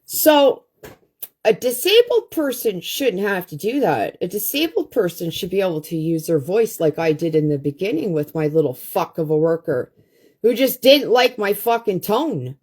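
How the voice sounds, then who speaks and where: Hosting a phone livestream, a woman rants bluntly at her viewers in a profane monologue, swearing constantly. Her mid-range voice is sing-song and a little mellow, delivered at normal speed.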